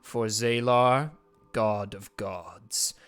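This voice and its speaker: A man voicing a disembodied male cult priest who speaks through a magical flame, slow and grave. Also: on the low side, fairly even intonation, fairly bright tone, clean tone, soft background music. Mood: commanding.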